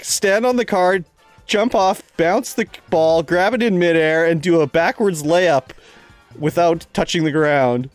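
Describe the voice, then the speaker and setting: A man voicing a peppy, showy little girl in a squeaky, chirpy voice. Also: a little slow, dry recording, soft background music, natural voice.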